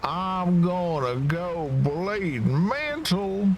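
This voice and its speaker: A man's voice: sits high, expressive, lo-fi sound, slight background noise, voice pushed up, exaggerated voice. Man doing a hooting Southern party crasher. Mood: gleeful. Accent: Southern US, put on. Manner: hooting, drawn-out.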